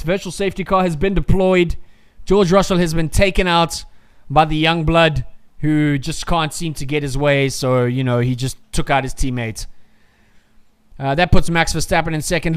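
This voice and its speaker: A man with a fairly high, smooth, clear voice streams live reaction commentary over a motor race. He rants in heated, profane bursts, then sinks into grumbling asides to his viewers. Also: steady tone, moderate pace. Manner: heated, profane ranting that swings to muttering.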